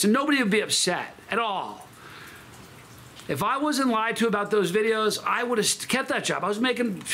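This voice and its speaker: A man's voice: high-pitched, sharp tone. A man hosting his channel, telling a story in a casual monologue that is emphatic and rambling, with frequent restarts and self-corrections. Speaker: channel host.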